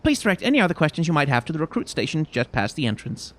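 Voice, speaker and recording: A man voicing a proud, formal city official in a fantasy game, proclaiming in a lofty, high-pitched voice. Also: sing-song, racing.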